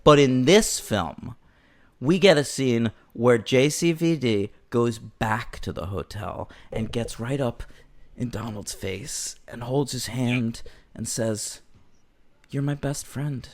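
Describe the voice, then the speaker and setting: A man's voice: mid-range voice, takes it slowly. A man co-hosting a film podcast in casual chat, acting out movie lines in mock voices as he retells scenes. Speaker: podcast co-host.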